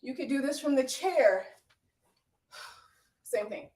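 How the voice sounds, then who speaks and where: A high-voiced woman leads a workout, puffing as she cheers her class on and counts down the seconds. She speaks from well back from the mic in an echoey room. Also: expressive, takes it slowly, a little mellow, far from the mic. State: out of breath. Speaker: fitness instructor. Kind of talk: live workout coaching.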